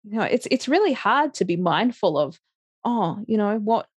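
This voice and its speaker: A woman's voice: mid-range voice, sing-song, normal speed, breathy edge, no echo. A middle-aged woman, chatting casually as an interview guest, laughing often and restarting her sentences. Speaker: interview guest, life coach.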